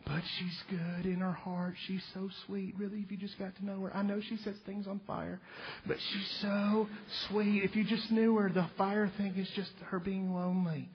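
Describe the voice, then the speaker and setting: A man voicing a doting mother who softly pleads that her child is sweet at heart. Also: high voice, flat delivery, moderate pace, slight background noise. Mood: doting, pleading. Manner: soft, pleading, hushed. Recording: reverberant hall, dull lo-fi sound.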